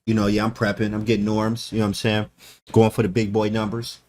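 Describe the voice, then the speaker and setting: A man's voice: lowish voice, completely flat delivery, fast, darkish tone, natural voice. A man putting on the voice of a cocky young player who brags about his chess preparation in slangy talk. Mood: boastful. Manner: slangy, boastful.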